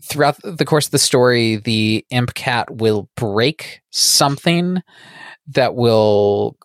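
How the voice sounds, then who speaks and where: A woman in casual chat, playful and deliberate. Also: very deep voice, no echo, studio quality.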